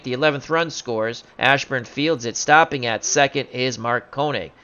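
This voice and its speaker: A man doing jokey play-by-play commentary on a simulated baseball game, bursting into loud excitement on big plays. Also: mid-range voice, unhurried, smooth, muffled recording.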